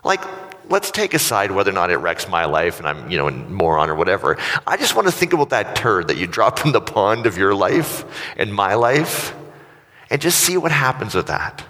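A man's voice: lowish voice, big pitch swings, normal speed, pushed and bright. A middle-aged man preaching a sermon, telling self-mocking stories in a casual, joking way. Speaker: pastor. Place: church hall. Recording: church hall with long reverb.

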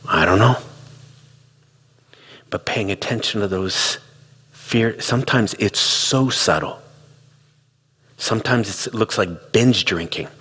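Husky low-voiced man in a hall. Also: slow, pauses often, bright, forceful tone. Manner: conversational, storytelling with quoted dialogue. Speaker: speaker on relationships. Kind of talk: reflective talk.

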